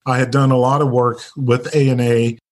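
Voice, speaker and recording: A nurse leader from North Carolina talks about his life as an interview guest, keeping things casual and chatty, full of fillers and laughs. He has a mid-range voice with little pitch movement and a moderate pace.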